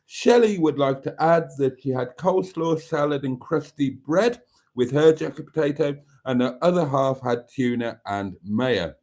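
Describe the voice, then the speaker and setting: A man's voice: medium pitch, animated, moderate pace, darkish tone. Wry man hosting a live chat. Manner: wry, self-mocking asides. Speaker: channel host. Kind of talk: live stream chat, reading viewer comments.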